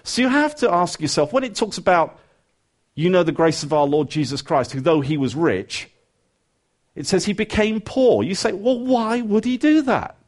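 Lively preacher. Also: male voice, a little high, normal speed. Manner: lively, rising emphatic questions then quiet earnest asides; conversational, acts out listeners' thoughts. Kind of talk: sermon.

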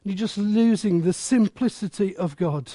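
A male preacher delivers a sermon with great passion, now and then breaking into bits of song. His voice sits very high and he speaks slowly and deliberately. The sound is dry and close, with no room echo. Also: warm tone. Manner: passionate, bursts into snatches of song.

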